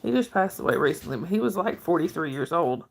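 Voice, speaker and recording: A woman's voice: on the low side, big pitch swings, fast, creaky. A middle-aged woman hosting a casual livestream, chatting with viewers, reading their comments aloud and cooing at her dog.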